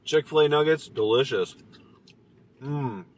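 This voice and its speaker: A man's voice: medium pitch, unhurried. A man in his thirties, a dad hosting a casual family vlog from a car, chatty and upbeat. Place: inside a car at drive-thrus. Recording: slightly distant camera mic, faint car noise.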